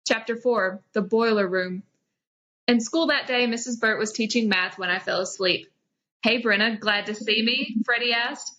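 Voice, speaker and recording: A woman's voice: on the high side, moderate pace, bright, forceful tone. A young woman hosting a comedy podcast, dramatically reading old fan fiction aloud and breaking into giggles. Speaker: podcast host.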